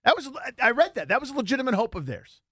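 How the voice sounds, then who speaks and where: A man co-hosting sports radio who speaks fast in a high, bouncing voice. He tosses in quick wisecracks, and the sound is dry and close to the mic. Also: big pitch swings, pushed and bright, slightly rough, no echo. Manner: quick joking asides.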